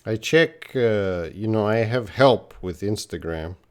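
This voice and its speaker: A man's voice: lowish voice, animated, measured pace, smooth. A man teaching English on a live stream, answering viewers' questions with patient explanations and example sentences.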